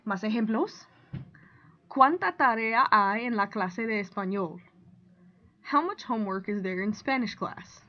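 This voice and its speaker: This woman teaches Spanish methodically: she reads each example sentence aloud, then explains it clearly and deliberately. Her middle-pitched voice holds a steady pace, though the audio is a bit dull and low-fidelity.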